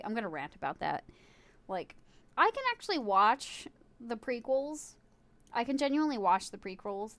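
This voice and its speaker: A woman's voice: medium pitch, a bit bright. A woman streaming live, chatting casually and giggling, swearing freely as she talks to her viewers and a friend in chat.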